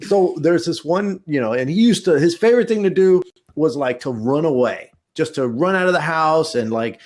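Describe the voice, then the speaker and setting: A man with a slightly high voice tells a rambling story on a casual podcast. He swears freely and keeps leaping into squeaky, shouted impressions. His pitch swings widely as he goes. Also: moderate pace. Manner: animated storyteller, swears often, jumps into high acted voices. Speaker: podcast co-host.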